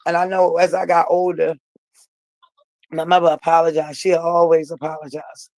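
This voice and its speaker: A woman's voice: on the low side, flat delivery, normal speed, a little mellow, no room sound, rough recording. Woman telling her story, dry close sound. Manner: emphatic, repeats herself, talks straight to viewers. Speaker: vlogger. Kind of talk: personal storytelling to viewers.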